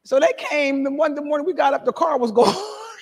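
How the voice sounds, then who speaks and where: A middle-aged woman pastor preaching a sermon and giving her testimony, animated, shouting and laughing between lines. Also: sits high, fairly quick. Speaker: apostle and pastor. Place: church sanctuary. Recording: reverberant hall.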